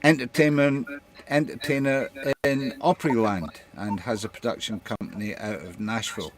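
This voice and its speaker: A man's voice: medium pitch, moderate pace. A man hosting a live online show, talking with frequent hesitations and fillers. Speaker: host.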